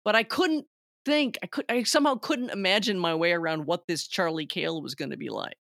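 A woman co-hosting a film podcast, talking in an animated way with lots of restarts and quoted lines. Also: on the low side, brisk, vocal fry, no room sound, clean studio sound. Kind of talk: casual chat.

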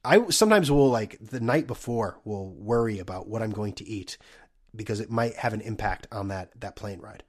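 A man's voice: on the low side, lively intonation, moderate pace, a little mellow. A man hosting a podcast on his own. He delivers a profane comedic rant full of stammered restarts. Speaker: podcast host.

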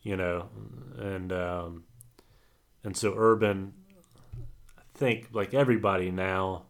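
Low-voiced man rambling casually. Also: steady tone, slow. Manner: rambling, hesitant with many fillers. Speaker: podcast co-host. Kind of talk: casual sports chat.

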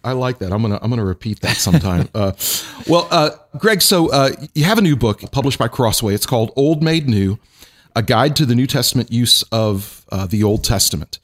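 A man's voice: mid-range voice, animated, a little fast. A man who is a pastor, hosting a casual podcast conversation in a playful, bantering way with frequent restarts.

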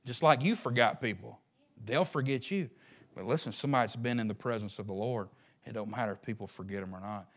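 A man preaching a sermon with passion, rising to loud peaks and dropping to hushed murmurs. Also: medium pitch, brisk, long pauses. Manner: impassioned, swinging from loud rises to hushed murmurs.

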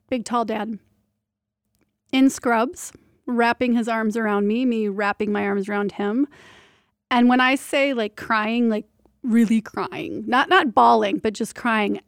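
A woman, hosting a casual solo podcast, chatty and candid with quick restarts. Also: on the high side, dry recording, clean studio sound. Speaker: podcast host and birth doula.

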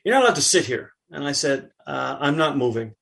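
A middle-aged man, a podcast guest, chatting casually and telling an animated anecdote while acting out what others said. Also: medium pitch, a little fast, vocal fry. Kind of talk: casual chat, storytelling.

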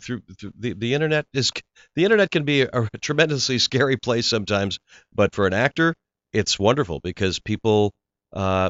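A man's voice: medium pitch, fairly quick, a bit bright, clean tone, dry recording. A male actor being interviewed, telling rambling stories about his work with frequent restarts. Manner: rambling storyteller, restarts often. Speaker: actor guest. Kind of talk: casual interview chat. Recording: slightly dull lo-fi sound.

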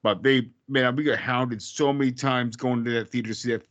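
A man's voice: medium pitch, steady tone, a little fast, a bit bright. Blunt, profane man in casual chat.

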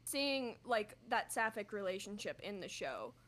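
A woman co-hosting a podcast in casual chat over a video call, animated and swearing casually. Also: mid-range voice, unhurried, a loud crowd. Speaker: podcast co-host.

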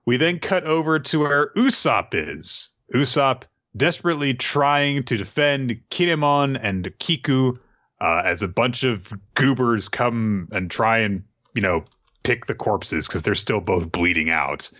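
A podcast co-host retells a story in a lively, jokey way. His voice is bright and ranges widely in pitch. The recording is slightly dull and lo-fi. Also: unhurried. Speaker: podcast co-host recapping a manga chapter. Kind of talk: casual chat.

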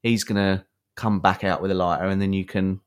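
Low-voiced man telling a story. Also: fairly quick, clean tone. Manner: animated anecdote with many fillers and acted quotes. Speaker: podcast co-host. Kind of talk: storytelling to a co-host.

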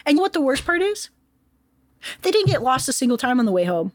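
A young woman hosting a podcast, casually telling history as comedy, profane and animated, slipping in quick voices for the people in her story. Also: sits high, no room sound, studio quality. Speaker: podcast host.

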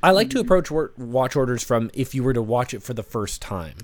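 A man's voice: medium pitch, big pitch swings, fairly quick, dry recording. A man co-hosting a casual movie podcast, rambling with many fillers. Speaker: podcast co-host. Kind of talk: casual chat.

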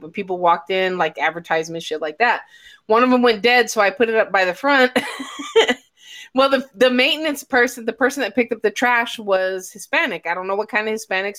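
A woman's voice: medium pitch, sharp tone. A woman hosting a casual live chat, telling stories full of swearing and laughter. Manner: profane, laughing storyteller. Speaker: host.

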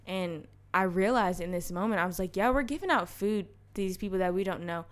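A woman's voice: mid-range voice, fairly quick. Young woman, co-host, chatty storyteller who laughs often. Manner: storytelling, laughs often, lively quoted voices. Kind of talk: casual chat.

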